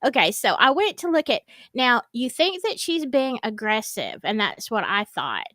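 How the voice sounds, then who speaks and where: A woman's voice: a little high, sing-song, normal speed, bright, forceful tone, no echo. A woman, hosting a casual, rambling chat and laughing often. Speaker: host. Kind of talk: casual chat to a live audience.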